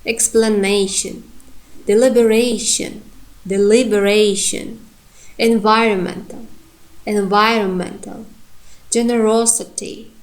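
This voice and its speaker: Slow, careful woman teaching pronunciation. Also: mid-range voice, low-quality recording. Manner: careful, repeats each example word slowly and deliberately. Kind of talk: recorded pronunciation lesson.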